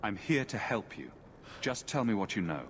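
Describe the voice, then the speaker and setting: An actor playing a hero for hire who speaks directly and asks blunt questions. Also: male voice, on the low side, very animated, moderate pace, long reverb tail, a little hiss or hum. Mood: wary.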